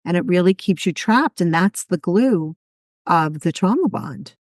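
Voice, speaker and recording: A woman's voice: lowish voice, animated, measured pace, dry recording, clean studio sound. A woman in a podcast conversation who explains steadily and often answers with brief agreement. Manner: affirming, brief backchannels, explanatory.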